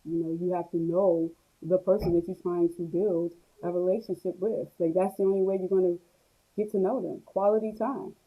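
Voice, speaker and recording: A woman's voice: fairly low pitch, little pitch movement, fairly quick, breathy edge, phone-quality sound. A woman, hosting a live stream where she reads viewer comments aloud and answers them with laughter. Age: 40s. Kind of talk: casual live stream talk.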